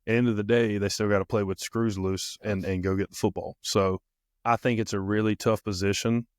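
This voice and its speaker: A man co-hosting a coaching podcast, with one of the deepest voices around. He explains things in a steady, methodical way, listing one point after another. The recording is dry and close-miked. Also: fairly quick, dry recording. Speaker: defensive football coach and podcast co-host. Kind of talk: casual podcast chat.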